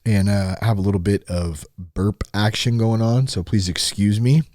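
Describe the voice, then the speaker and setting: With a steady, darkish voice on the low side, a man hosting a podcast jokingly reads through an article at normal speed. He pokes fun at the phrasing and laughs a lot, recorded on a studio mic with no room sound.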